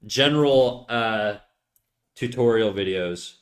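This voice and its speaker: Speaking slowly in a fairly low voice, this man draws on stream and chats loosely with his audience. He jokes around, wanders between drawing tips and frequently abandons sentences partway through.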